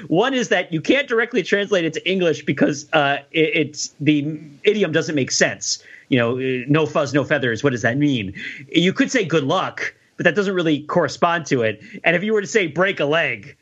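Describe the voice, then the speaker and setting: A man co-hosts a casual film podcast, rambling wryly and chuckling at his own jokes. His voice sits fairly high and sounds bright and forward. The recording is dull and lo-fi. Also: lively intonation, normal speed. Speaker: podcast co-host discussing a film. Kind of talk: casual chat.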